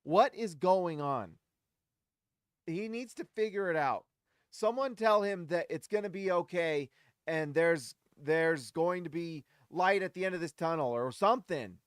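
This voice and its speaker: A man hosting a basketball fan show, giving casual post-game commentary in an animated, exasperated rant, often talking straight to his audience. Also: a little high, moderate pace, clear, resonant tone, dry recording, clean studio sound. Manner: talks straight to the audience, shouts at players.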